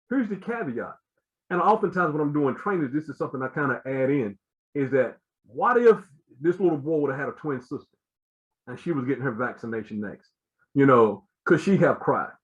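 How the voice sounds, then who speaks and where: A man's voice: mid-range voice, highs cut off. A man giving an earnest explanatory talk as a guest speaker, with many fillers and repeated words.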